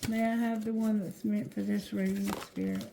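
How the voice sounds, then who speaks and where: A woman doing a tarot reading, reading card text aloud slowly and haltingly, correcting herself as she goes. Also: mid-range voice, level tone, creaky, a little hiss or hum. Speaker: tarot reader. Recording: roomy echo.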